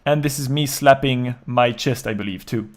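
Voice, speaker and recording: A man explaining step by step how he produced a track in his home studio, in a calm, even way. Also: medium pitch, normal speed, heavy background noise. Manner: calm step-by-step walkthrough, counting beats aloud. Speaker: music producer. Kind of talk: explaining a music production process.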